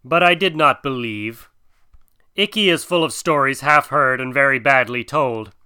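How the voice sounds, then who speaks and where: A man's voice: mid-range voice, normal speed, bright, forceful tone, smooth, no room sound, clean studio sound. A man voicing a proud, courteous old male python in a storybook reading, with hissing, grand, old-fashioned speech.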